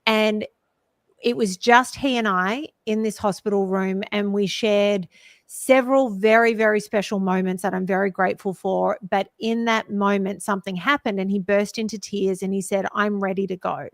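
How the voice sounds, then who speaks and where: A woman's voice: medium pitch, fairly even intonation, normal speed, dry recording, clean studio sound. A woman co-hosting a podcast, telling a personal story in an earnest, heartfelt way. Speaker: podcast co-host. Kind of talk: conversational podcast talk.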